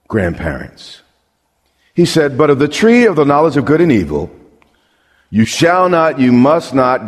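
A man's voice: medium pitch, husky. A man preaching a sermon as pastor, emphatic, asking the crowd questions and repeating words as he builds a point. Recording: long hall reverb.

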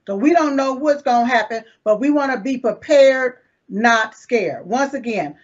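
A woman's voice: high voice, muffled recording. A woman with a Southern accent hosting a live talk show, emphatic and folksy, repeating slogans and using terms of endearment.

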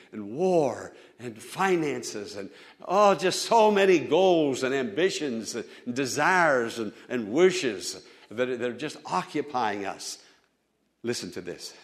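A male pastor preaching a sermon, building to loud, fervent appeals to the congregation. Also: medium pitch.

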